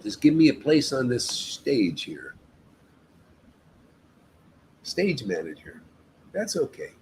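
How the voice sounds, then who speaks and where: A man's voice: mid-range voice, huge pitch swings, slow pace, background noise. A man leading a devotional meetup, giving an informal spiritual talk in an emphatic, exhorting way and often addressing listeners as "man".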